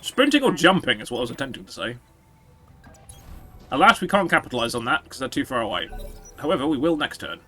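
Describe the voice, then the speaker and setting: Male streamer, lively pitch and a bright, forward tone, dry sarcastic game commentary laced with swearing, faint music underneath. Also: fast, pauses often, slightly rough. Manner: sarcastic, swearing, jokey asides to chat. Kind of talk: casual gameplay commentary.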